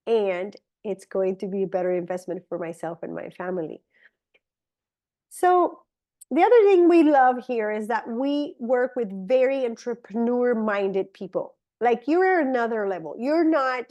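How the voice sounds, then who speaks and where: A woman's voice: on the high side, a little mellow. A woman gives an enthusiastic, persuasive business opportunity presentation in a conversational tone. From Colombia. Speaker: network marketing presenter.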